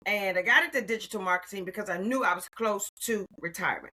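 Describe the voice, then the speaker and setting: A woman in her sixties telling her story as an interview guest, expressive and calling the listener "honey.". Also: medium pitch, fast talker, slightly rough, low-quality recording. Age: 60s. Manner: expressive, warm endearments like "honey". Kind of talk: animated personal storytelling.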